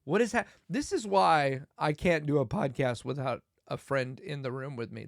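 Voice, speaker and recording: A man's voice: mid-range voice, normal speed, creaky, dry recording, studio quality. A man in his thirties hosting a solo comedy podcast, telling a silly bit and cracking himself up with laughter. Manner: giggly, breaks into laughter while telling a bit. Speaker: podcast host.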